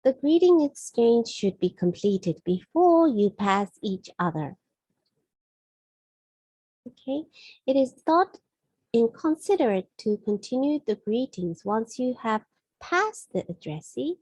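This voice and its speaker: A woman from Japan with a Japanese accent gives a language lesson in a mellow, slightly husky voice. She explains slowly and carefully, often correcting herself mid-phrase. The recording is dry and close. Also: a little high, sing-song, dry recording, low-quality recording. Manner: slow, careful explanations with frequent self-corrections. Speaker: Japanese teacher.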